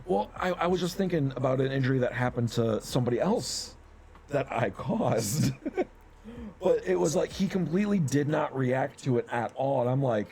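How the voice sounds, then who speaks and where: A man's voice: mid-range voice, lively intonation, moderate pace, mellow, slightly rough. A man co-hosting a podcast, telling stories in a rambling, casual way and laughing often. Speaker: podcast co-host. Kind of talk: casual chat.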